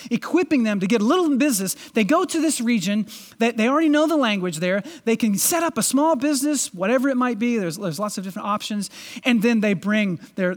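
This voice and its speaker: An earnest pastor preaches to the congregation with a lively, rising and falling voice. The delivery is emphatic, with frequent restarts and repeated words as the pastor pushes each point home. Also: medium pitch. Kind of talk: sermon. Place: church congregation in a city.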